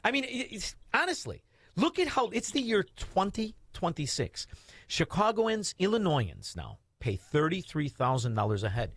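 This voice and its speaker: A brash man hosts a call-in radio show, ranting and mocking with a high voice that swings widely. His studio mic sounds close and dry. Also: wildly swooping pitch, normal speed, a bit bright, breathy edge, no echo. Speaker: radio talk show host.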